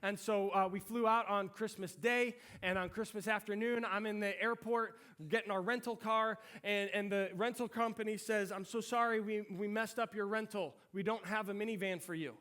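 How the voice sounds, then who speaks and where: Middle-aged pastor guy, high bright voice, chatty storytelling sermon. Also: normal speed, few pauses. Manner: storytelling, animated and conversational.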